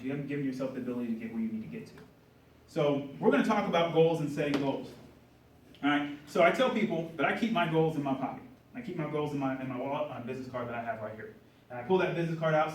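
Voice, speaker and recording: A middle-aged man delivers a lively motivational talk to a conference crowd, checking in with the audience as he goes. His voice sits a little high and moves quickly. It is recorded from some distance in a very echoey hall. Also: slight background noise. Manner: energetic, asks the room questions. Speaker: conference speaker. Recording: roomy hall audio from a distance.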